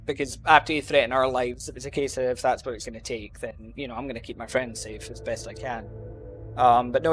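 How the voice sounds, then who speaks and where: A man's voice: mid-range voice, a bit bright. A man with a mild Glasgow Scottish accent telling a long story in a rambling, casual way, full of ums and you-knows. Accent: Glasgow Scottish, softened. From Scotland. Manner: rambling, lots of "um" and "you know". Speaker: gaming channel host. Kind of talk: casual storytelling over gameplay.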